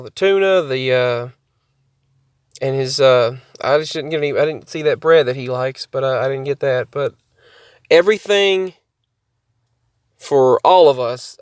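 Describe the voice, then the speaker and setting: Man vlogger, rambling storyteller, higher-than-usual pitch, close dry sound. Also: clear, resonant tone, no room sound. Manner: rambling, repeats and restarts himself. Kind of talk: casual storytelling to camera.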